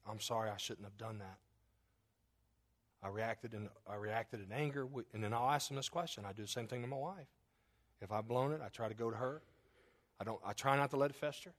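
Emphatic preacher man asking questions. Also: on the low side. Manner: emphatic, repeated rhetorical questions. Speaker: pastor. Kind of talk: sermon.

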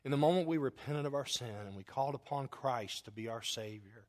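Guy preaching, folksy story, gets loud then real quiet, plain middle voice. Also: medium pitch, brisk. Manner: acts out quotes in his story. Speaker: pastor. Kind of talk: sermon.

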